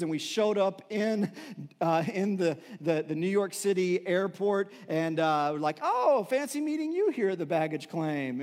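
A man's voice: sits high, big-room sound. A man preaching a sermon in a conversational, storytelling way, with filler words and restarts. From Texas. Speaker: pastor.

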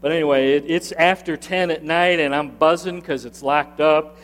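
Male pastor, slightly high voice, earnest and emphatic storytelling; sermon in a church with a long hall echo. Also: steady tone, normal speed. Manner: earnest, emphatic storytelling that rises in pitch at key points. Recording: long reverb of a large hall.

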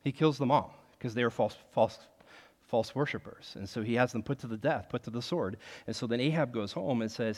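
A man preaching a sermon in an animated, conversational way, leaning on the word "like" as he talks. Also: medium pitch, fairly quick, big-room sound. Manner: animated, conversational, heavy use of filler "like". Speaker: pastor.

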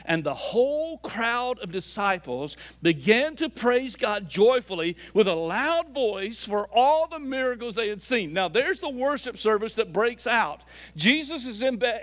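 A man preaching a sermon as a pastor, swinging between loud emphatic lines and soft, low asides. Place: church sanctuary.

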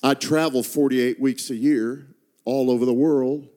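A man's voice: medium pitch, steady tone, a little slow, dark tone. A middle-aged man, a traveling preacher, telling a personal story in a sermon and swelling into impassioned prayer before a congregation. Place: church stage before a congregation.

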